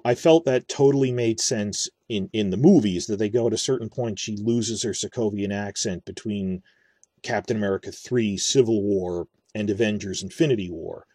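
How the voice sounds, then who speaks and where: A man's voice: fairly low pitch, mellow, breathy edge, no echo, studio quality. A man giving earnest, rambling spoken commentary on a TV series, often restarting and correcting himself. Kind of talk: casual video commentary on a TV series.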